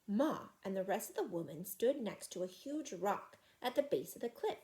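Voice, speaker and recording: A woman reading a children's chapter book aloud in an expressive, animated way. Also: mid-range voice, moderate pace. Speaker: reader.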